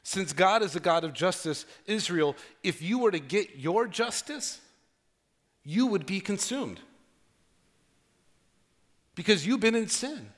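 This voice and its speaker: A man preaching a sermon as pastor, earnest and conversational, with dramatic pauses. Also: high-pitched, lively intonation.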